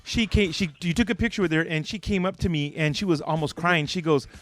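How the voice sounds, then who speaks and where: A man's voice: a little high, fast, faint music behind. A man hosting a radio interview, rambling and eager as he tells stories as a longtime fan. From Southern California. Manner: enthusiastic fan, rambling with many restarts. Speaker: radio DJ, host.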